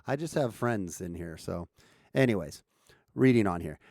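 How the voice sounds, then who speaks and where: Livestream host, American man, loose and rambling, reads chat aloud, gravelly tone. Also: sits low, animated, normal speed, a little mellow, dry recording, studio quality. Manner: rambling, with frequent restarts and chuckles. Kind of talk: casual livestream chat, reading comments aloud.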